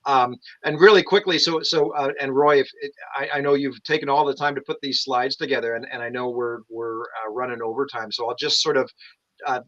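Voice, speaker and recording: A man helping organize a convention, joining an interview and talking in a hurried way with many fillers. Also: mid-range voice, steady tone, a bit bright. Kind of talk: interview chat. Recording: dull distant sound.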